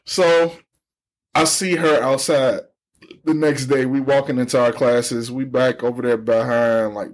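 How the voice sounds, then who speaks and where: A man's voice: mid-range voice, measured pace. A young man casually telling a long story on a podcast, slangy, acting out what people said. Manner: animated storyteller, slangy, acts out quoted people. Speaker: podcast co-host.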